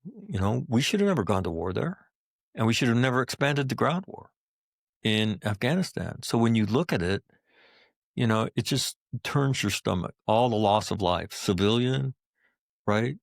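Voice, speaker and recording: A middle-aged American combat veteran speaking bluntly and with profanity as a podcast interview guest. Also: male voice, mid-range voice, lively intonation, normal speed, vocal fry, no echo, studio quality.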